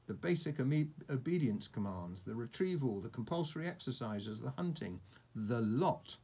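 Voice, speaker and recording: A man reading aloud and voicing a frustrated, sarcastic young Viking boy, with a husky edge. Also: medium pitch, lively intonation, normal speed. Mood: exasperated. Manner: exasperated, shouting commands.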